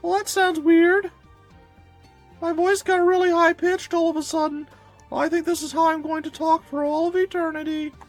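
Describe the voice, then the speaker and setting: A bemused young hero speaks in a cartoonishly squeaky falsetto. He sounds high and thin, as if away from the mic. The delivery is comic and exaggerated. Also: flat delivery, normal speed, faint music behind.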